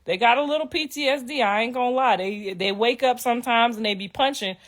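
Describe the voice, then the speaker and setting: A woman's voice: a little high, brisk. A middle-aged woman talking casually to viewers on a livestream, telling profane stories and laughing through her words. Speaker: livestream host.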